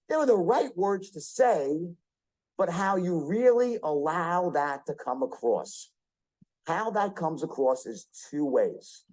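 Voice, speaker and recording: Animated, emphatic man leading a sales seminar. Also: sits high, poor audio. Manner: emphatic, repeats key phrases, quizzes the audience; profane, punchy delivery. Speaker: sales trainer. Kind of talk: motivational sales seminar talk.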